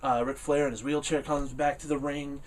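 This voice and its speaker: A man giving a casual spoken review of a wrestling event, rambling with lots of "uh" fillers and getting loud and animated when he rants. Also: on the high side, normal speed, distant mic. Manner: rambling, many "uh" fillers, laughs easily.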